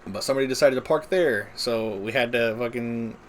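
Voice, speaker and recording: A man's voice: medium pitch, a little fast, a little hiss or hum. A man streaming a game, telling a long story casually, with lots of filler words and swearing. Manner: rambling, filler-heavy, profane. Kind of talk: casual storytelling while gaming.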